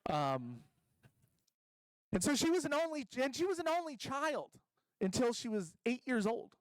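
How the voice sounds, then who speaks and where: A man's voice: very high voice, big pitch swings, normal speed, no echo, rough recording. A man doing a stand-up comedy set at a convention stage, rambling and self-deprecating, full of ums and restarts.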